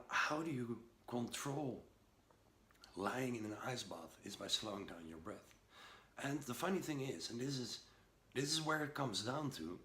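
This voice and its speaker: A man who coaches breathwork, giving an earnest, emphatic talk about stress and slowing down on his key points. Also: on the low side, fairly bright tone. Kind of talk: motivational talk to camera. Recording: roomy echo with faint background noise.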